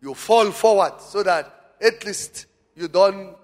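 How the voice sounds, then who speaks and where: A man's voice: high voice, slow pace. A man preaching a sermon in church, calling on the congregation to answer and repeat after him. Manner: preaching with call-and-response to the congregation. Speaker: pastor. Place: church hall. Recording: long church-hall reverb.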